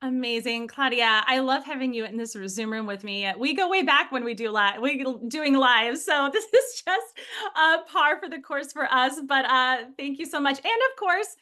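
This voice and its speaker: Bubbly high-voiced woman hosting a webinar. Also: lively intonation, moderate pace, sharp tone. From Michigan, USA. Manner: bubbly, enthusiastic, greets people by name. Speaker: webinar host. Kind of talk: upbeat live webinar hosting. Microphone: video call.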